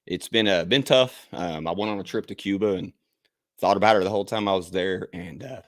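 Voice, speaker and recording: A man hosting a podcast, talking in a halting way with many fillers and pauses. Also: low-pitched, fairly even intonation, no echo, studio quality. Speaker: podcast host. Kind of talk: casual podcast chat.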